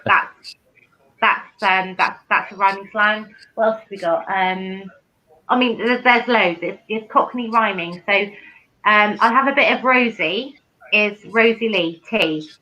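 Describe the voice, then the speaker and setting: A woman's voice: mid-range voice, unhurried, pushed and bright. A woman from London with a London accent, chatting casually and explaining slang with examples. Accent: London English. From England. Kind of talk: casual chat. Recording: dull lo-fi sound.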